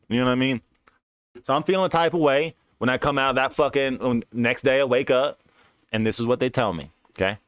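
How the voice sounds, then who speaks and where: Man telling a profane, animated story. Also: medium pitch, fairly quick, smooth, dry recording, clean studio sound. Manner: profane, slangy and animated, with frequent restarts and asides. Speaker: streamer telling a personal story. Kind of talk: casual first-person storytelling.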